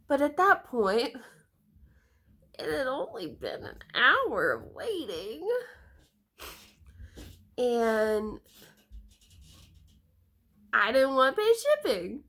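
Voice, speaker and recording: A woman's voice: high voice, big pitch swings, very slow, pauses often, fairly bright tone. A woman telling a casual storytime vlog, rambling with many fillers and slightly congested from a cold. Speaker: storytime vlogger.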